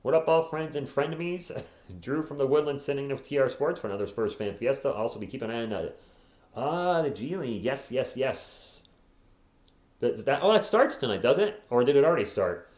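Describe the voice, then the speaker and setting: A hoarse man hosting a live fan play-by-play stream, calling plays quickly and tossing in joking asides and replies to viewers. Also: medium pitch, animated, darkish tone, roomy sound. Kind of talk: casual live play-by-play commentary.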